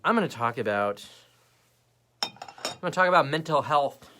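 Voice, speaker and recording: A young man chats on his livestream in a lively voice that rises and falls a lot. He talks bluntly and swears freely, and he slips into quick imitations of other people. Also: fairly high pitch, a little hiss or hum. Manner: animated, mimics people in quick bits; blunt and profane. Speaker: livestream host. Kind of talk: casual live chat reading viewer comments.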